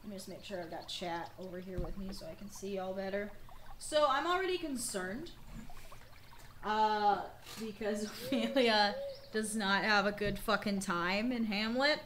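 A young woman with a slightly worn, mid-range, fairly bright voice talks at a moderate pace against slight background noise. Streaming a game playthrough, she chats casually, swears freely, and laughs often.

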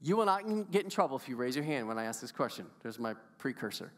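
A man's voice: mid-range voice, big pitch swings, fast talker. A male pastor preaching a sermon with a playful, enthusiastic manner and chatting with his congregation. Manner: enthusiastic, playful, audience interaction. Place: church sanctuary. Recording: long church hall reverb.

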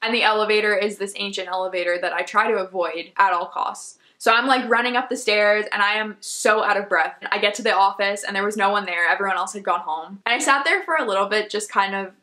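Young woman in her twenties, bright and crisp, chatty vlog storyteller with lots of fillers. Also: medium pitch, fast, few pauses. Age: 20s. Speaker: vlogger, veterinary student.

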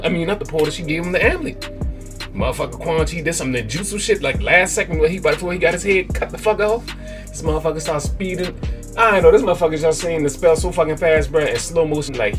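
A young man hosting a gaming channel who recaps the story in rambling, excitable, profanity-laced slang. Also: a little high. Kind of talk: let's-play commentary. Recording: game music in background.

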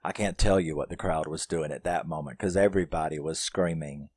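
A man with a very low voice reviews a horror film in loose, profane, animated storytelling. He walks through the plot scene by scene. The recording is dry and close, with no room echo. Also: fairly quick.

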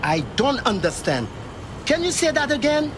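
A slow, stiffly formal man keeps apologizing as he asks again, his high voice swinging widely in pitch. It is a film comedy scene recorded outdoors with clear traffic noise behind. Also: sing-song. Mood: baffled. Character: overly polite, baffled man questioning. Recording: outdoor street noise, passing cars.

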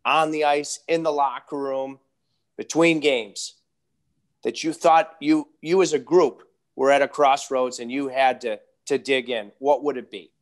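A man's voice: medium pitch, fairly even intonation, measured pace. A man hosting an interview podcast, asking long questions and telling chatty anecdotes. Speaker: podcast host.

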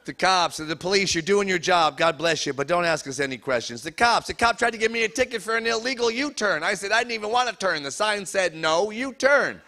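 A man doing a stand-up comedy set, loudly cracking jokes and teasing the audience at a live show. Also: sits high, animated, gravelly, some chatter behind. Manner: loud, fast-joking, teases the audience.

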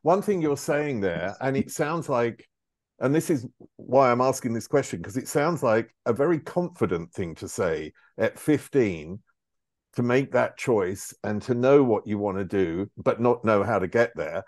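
A man's voice: medium pitch, lively intonation, unhurried, darkish tone, no room sound. A male host framing a probing question, thinking aloud as he builds it. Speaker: interviewer, host. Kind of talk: interview questions.

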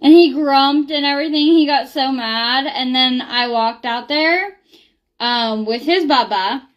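A woman's voice: high-pitched, unhurried, muffled recording. A young woman talking casually in a vlog, rambling with lots of ums and likes. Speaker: beauty product reviewer.

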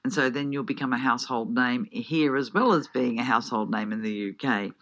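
A woman's voice: a bass voice, fairly bright tone. Chatty woman radio host. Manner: chatty, laughs often, reads out ticket details slowly. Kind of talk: live radio interview. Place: radio studio. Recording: dull lo-fi radio broadcast.

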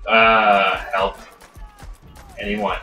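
A man's voice: on the low side, level tone, drawn-out words, sharp tone. A young man playing a co-op shooter with friends, trading dry teasing banter and calling for help. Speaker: gamer playing co-op. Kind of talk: casual let's-play chat. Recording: roomy, distant mic, game music.

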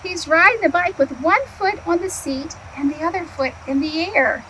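A woman's voice: very high-pitched, slight background noise, low-quality recording. A woman, an early childhood educator, reading a picture book aloud to young children, asking them questions and answering them herself. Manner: animated, asks the kids questions and answers them; slow, clear storytime delivery.

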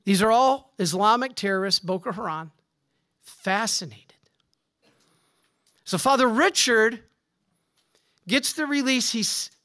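Catholic priest guy giving a talk, slow and emphatic, goes from forceful to real quiet. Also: sits high, clear, resonant tone. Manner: emphatic preaching with rhetorical questions; swings from forceful declarations to hushed asides. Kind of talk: conference talk to a congregation.

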